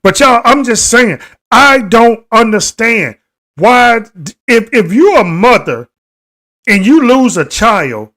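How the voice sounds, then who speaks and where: A man with a high, slightly bright voice hosts a live stream and speaks directly to his viewers. Indignant, he repeats his points, asks the audience questions, and breaks into emphatic outbursts.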